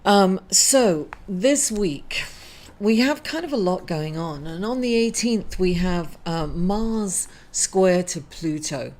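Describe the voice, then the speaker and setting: Middle-aged woman, astrology host, grieving, halting delivery full of fillers and apologies. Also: on the low side, expressive, darkish tone. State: emotional, grieving. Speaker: astrology reader. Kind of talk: weekly horoscope reading to camera.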